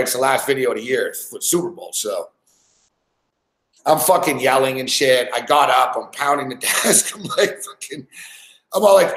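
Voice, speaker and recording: A man's voice: mid-range voice, fairly bright tone. A man rambling through a crude story, swearing constantly and stuffing his sentences with fillers. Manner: rambling, profane, lots of "like" and "fucking". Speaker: podcast host. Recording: echoey room.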